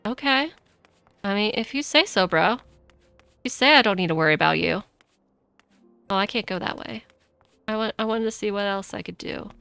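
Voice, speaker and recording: A woman streaming a video game, chatting casually and excitably with lots of 'like'. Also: mid-range voice, normal speed, vocal fry, long pauses, clean tone, no echo, faint music behind. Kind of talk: casual gameplay commentary.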